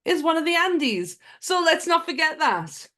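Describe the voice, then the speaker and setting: A woman co-hosting a podcast in casual chat, excitable and swearing freely. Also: extremely high pitch, measured pace. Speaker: podcast co-host.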